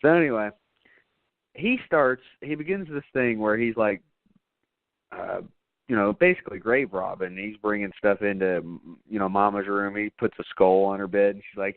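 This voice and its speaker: A man's voice: lowish voice, moderate pace, no echo, phone-quality sound. A man hosting a podcast, recapping a movie in loose, rambling casual chat full of fillers and swearing. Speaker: podcast host.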